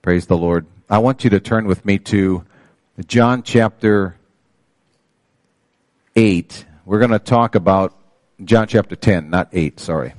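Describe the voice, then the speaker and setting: An older man preaching a sermon in a low voice. He calls out to the congregation and reads scripture with rising emphasis. The sound is dry and close, with little room echo. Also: slow, long pauses, a little mellow. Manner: preaching with call-outs to the congregation. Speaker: pastor.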